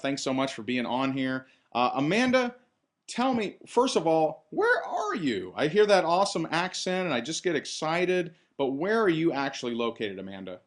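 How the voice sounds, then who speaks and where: A man hosting a sales presentation on a call, talking in an upbeat, enthusiastic pitching manner. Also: huge pitch swings, normal speed. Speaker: host.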